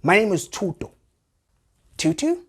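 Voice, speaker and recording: A young man hosting a satirical comedy show, delivering a wry, animated monologue. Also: fairly high pitch, moderate pace. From South Africa. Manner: wry, animated, jumps into voices.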